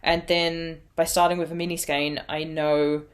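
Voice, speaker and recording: Irish woman, podcast host; easy, meandering, self-mocking chat in a lower register. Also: level tone, moderate pace. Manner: chatty, rambling, laughs at herself. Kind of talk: casual chat.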